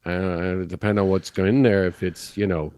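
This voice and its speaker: A man's voice: low-pitched, flat delivery, moderate pace, a little mellow, smooth, no room sound, studio quality. A man playing a tabletop game who talks blunt and tough in character. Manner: blunt, urgent, tough-talking. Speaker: player.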